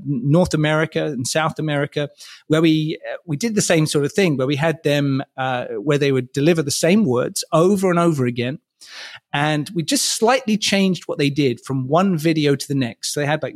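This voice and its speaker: A man being interviewed, telling long measured stories about his work as a communication trainer, often restarting his phrases. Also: fairly high pitch, dry recording, clean studio sound. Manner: measured storytelling with frequent restarts. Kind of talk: interview answers.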